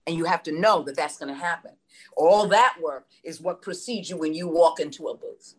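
Woman, from New York, middle-aged, lowish voice, emphatic, rhetorical questions, swears. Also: normal speed. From New York City. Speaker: voice acting coach. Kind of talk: motivational talk.

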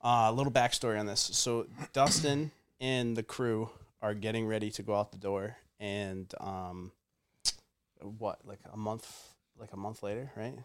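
A man's voice: on the low side, steady tone, moderate pace, clean tone. A young man hosting a podcast, telling a casual story with lots of fillers, rambling and laughing through punchlines. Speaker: podcast host.

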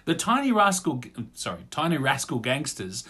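A man's voice: on the high side, wildly swooping pitch, moderate pace, bright, forceful tone, breathy edge. A man co-hosting a casual comedy podcast, joking around and reading facts aloud. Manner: jokey, reads facts aloud, does silly voices. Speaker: podcast co-host.

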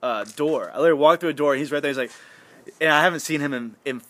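A man's voice: fairly high pitch, rapid-fire, no echo. A young man from the United States telling a story in casual podcast talk. He swears a lot and fills his speech with "like" and "dude.". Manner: animated, swears freely, many fillers like "like" and "dude". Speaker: podcast guest.

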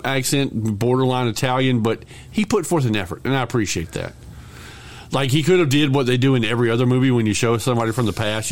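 A man co-hosting a podcast, chatting casually about a movie, joking and swearing freely. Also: mid-range voice. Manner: profane, joking, quick to laugh. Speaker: podcast co-host. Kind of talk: casual movie review chat.

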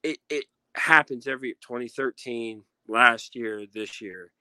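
Male podcast guest, bright and emphatic, casual sports chat, dry recording. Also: medium pitch, unhurried, clear, resonant tone, no room sound. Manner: emphatic, repeats phrases for effect.

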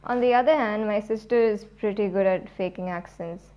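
A woman's voice: medium pitch, normal speed, dark tone. A young woman in her late teens hosting a podcast, telling a self-deprecating story in a chatty way with many fillers. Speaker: podcast host. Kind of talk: casual storytelling monologue.

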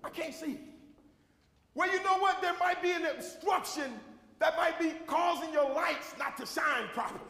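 A man preaching a sermon as pastor, with a Southern American accent, shouting and repeating refrains to a responding congregation. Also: very high-pitched, moderate pace, gravelly. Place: church sanctuary with congregation. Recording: echoey hall recording.

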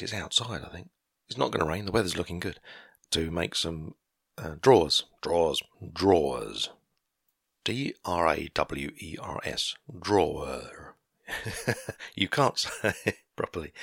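A man in his fifties chatting on his own and drifting from one tangent to the next. His voice is very low and husky, with a bright, forceful edge. The sound is dry and close, with no echo. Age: 50s. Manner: rambling, easily sidetracked, chuckling at himself. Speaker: podcaster. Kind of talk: casual solo monologue. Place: garden shed workshop.

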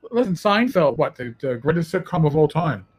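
A man, a former cop, telling animated stories in casual podcast chat. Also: fairly high pitch, a little fast, slightly rough. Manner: animated storyteller, quotes people in put-on voices. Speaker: podcast co-host, former police officer.

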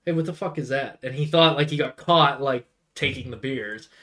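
A man's voice: medium pitch, moderate pace, a bit bright. Rambling young man recapping a movie. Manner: rambling retelling, lots of fillers and acted quotes. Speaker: podcast co-host. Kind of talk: casual movie recap chat.

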